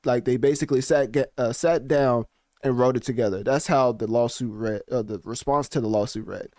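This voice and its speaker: A man hosting a casual commentary video, talking in an animated, slangy and rambling way. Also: mid-range voice, a little fast, dry recording, clean studio sound. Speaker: commentary channel host.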